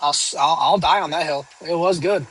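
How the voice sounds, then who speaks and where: A man's voice: on the high side, a little fast, a bit bright, breathy edge, low-quality recording. Rambling joking streamer man. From northern United States. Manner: rambling, joking, with many fillers and restarts. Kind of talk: casual live-stream chat reading viewer questions.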